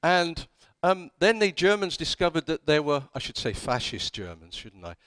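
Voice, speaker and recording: A man's voice: on the high side, big pitch swings, moderate pace, fairly bright tone, clean tone, no echo. A man giving a conference talk, telling history as wry anecdotes and acting out the quoted dialogue. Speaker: conference speaker. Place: conference hall.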